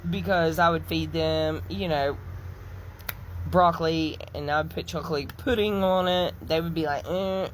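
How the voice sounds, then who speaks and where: A woman's voice: sits low, fairly even intonation, normal speed, slight background noise. A middle-aged woman, giving emphatic, indignant commentary as she tells a personal story. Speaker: social media commentator. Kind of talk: impassioned stitch commentary.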